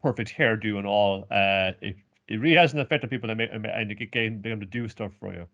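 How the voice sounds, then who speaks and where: A man's voice: on the low side, quick pace, a bit bright. Man, podcast co-host, casual chat, wry jokes, muffled lo-fi audio. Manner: wry, joking asides. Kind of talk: casual anime recap chat.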